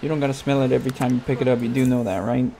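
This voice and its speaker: A man's voice: mid-range voice, little pitch movement, racing, gravelly, dark tone, slight background noise. A man giving crude, profane Let's Play commentary, ranting at and scolding his game character. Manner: swears constantly, talks to his game character. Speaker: gaming YouTuber.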